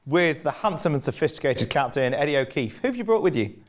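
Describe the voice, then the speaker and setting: A man's voice: fairly high pitch, very animated, fast talker, background noise. Theatrical game show host, a man. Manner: theatrical, mock-grand announcing. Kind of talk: comic game show hosting.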